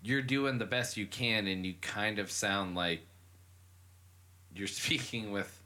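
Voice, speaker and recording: A man's voice: fairly low pitch, slow, sharp tone. A man hosting a podcast, chatting casually, laughing and swearing, skeptical. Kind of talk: casual chat.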